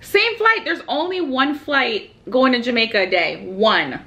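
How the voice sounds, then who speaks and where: A fairly high, bright, forceful voice with lively intonation comes from a young woman vlogging in a hotel room, with slight background noise. She's telling her family a story on a phone video call, chatting casually and laughing quickly.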